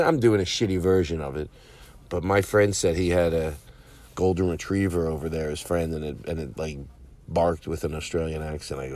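A man's voice: low-pitched, expressive, brisk, a little mellow, no room sound. A man hosting his own show, rambling through a profane, self-mocking comedic monologue full of asides. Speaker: comedian podcast host.

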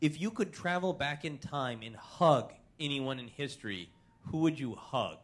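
A man's voice: mid-range voice, animated, normal speed. A man hosting a live podcast, asking dry, wry questions of his guest. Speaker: podcast host. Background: loud noises from a neighboring bowling alley.

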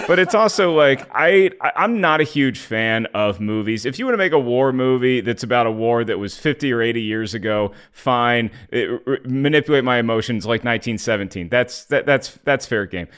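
Wry man telling stories on a podcast. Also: mid-range voice. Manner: wry, animated storytelling. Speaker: podcast host. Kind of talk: casual movie-review chat.

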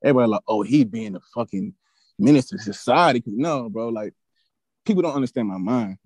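A young man in his twenties tells a story in an animated, profane style, and he gets heated as he goes. His voice is dark and mellow. The podcast mic is dry and close. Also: mid-range voice, brisk, husky, dry recording. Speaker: podcast guest, former college football player. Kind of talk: casual storytelling.

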